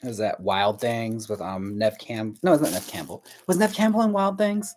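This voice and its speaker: A man's voice: on the low side, expressive, normal speed, darkish tone. A man hosting a livestream, chatting with viewers while he paints dolls, chatty and profane, laughing often and rambling as he tries to recall things. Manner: rambling, searches memory aloud. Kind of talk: casual chat with viewers while crafting.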